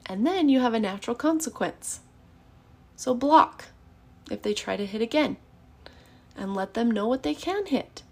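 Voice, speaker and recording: Parenting coach, woman, 30s, encouraging and earnest, a touch of vocal fry. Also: fairly high pitch, measured pace. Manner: earnest and encouraging, acts out calm parent phrases. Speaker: parenting educator. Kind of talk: casual teaching monologue.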